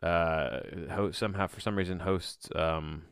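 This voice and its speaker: A man's voice: sits low, steady tone, a little slow, clear, resonant tone, no echo, clean studio sound. A man hosting his own podcast, talking in a rambling, offhand way on a home mic and often breaking off mid-sentence. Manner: rambling, offhand, self-interrupting. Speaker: podcast host. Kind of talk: casual solo podcast monologue.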